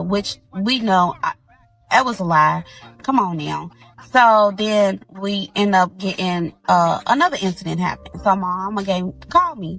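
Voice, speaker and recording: Gravelly-voiced woman telling a family story. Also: on the high side. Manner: animated, emphatic retelling with colloquial speech. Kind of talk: casual storytime monologue.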